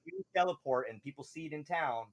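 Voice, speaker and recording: A man's voice: fairly high pitch, a little fast, slight background noise. A man running a tabletop game as game master, narrating and ruling in a casual, rambling way with frequent laughs.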